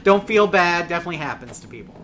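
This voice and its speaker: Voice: medium pitch, expressive, fast talker, background noise. A host in casual chat, upbeat and reassuring, reading out comments and laughing often.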